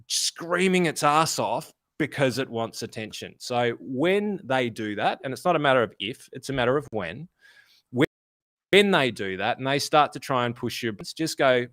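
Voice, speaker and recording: An Australian man co-hosts a casual finance talk, blunt and freely swearing with animated asides. His voice sits at an ordinary pitch. The sound is dry and close, with no room around it. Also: normal speed, no room sound. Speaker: podcast co-host.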